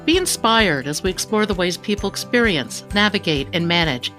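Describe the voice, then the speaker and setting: A woman's voice: lowish voice, animated, normal speed, a bit bright, soft background music. A woman hosting a podcast interview, introducing her guest and chatting with her. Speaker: podcast host.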